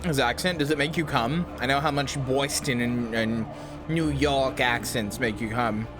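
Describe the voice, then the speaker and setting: A man's voice: medium pitch, moderate pace, over music. A man from the Midwest with a Midwestern accent, casually commentating a game stream with crude jokes. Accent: Midwestern American. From Midwestern United States. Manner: crude, joking, rambling.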